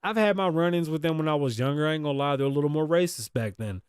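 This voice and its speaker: A man's voice: a little high, quick pace, clear, resonant tone, no room sound, clean studio sound. Blunt, indignant male podcast host. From Las Vegas. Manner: blunt and indignant, swears freely, acts out quoted dialogue. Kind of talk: opinionated commentary on news.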